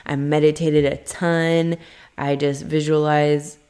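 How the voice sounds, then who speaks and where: A woman's voice: slow pace, clean tone. Chatty woman telling a personal story. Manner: chatty, animated, acts out quotes in a high voice. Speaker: vlogger. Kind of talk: casual storytelling.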